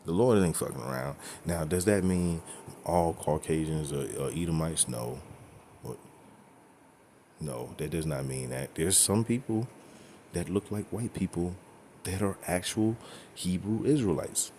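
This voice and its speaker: A man's voice: deep voice, measured pace, darkish tone, a little hiss or hum. A man teaching scripture in a blunt, profane, emphatic way, often checking in with "okay?" and "right?". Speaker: religious teacher.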